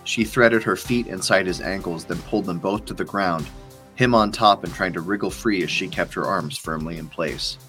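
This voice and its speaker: Casting: low male author-narrator, steady audiobook delivery, faint music bed. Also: normal speed.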